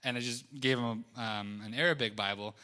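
A man's voice: medium pitch, steady tone, a little fast, bright, forceful tone. A young man casually telling a mission-trip testimony, rambling with lots of fillers and laughing at his own story.

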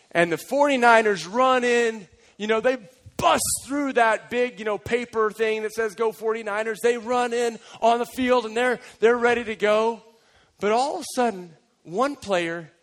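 A man preaching a sermon as pastor, energetic and emphatic, with playful storytelling. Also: high-pitched, rough recording.

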